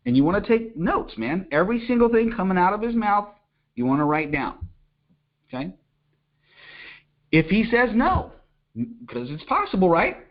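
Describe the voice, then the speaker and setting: Energetic middle-aged male business coach, slightly high voice, dull lo-fi audio, keeps checking in with the audience. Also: normal speed, pauses often. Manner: energetic, repeats "okay?" to check in, acts out little phone calls. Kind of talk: coaching talk to an online audience.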